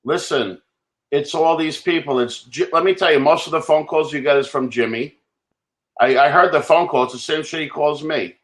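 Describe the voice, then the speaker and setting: A man's voice: a little high, moderate pace. A man in a heated live webcast argument, blunt and profane as he insists on his point. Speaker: livestream participant.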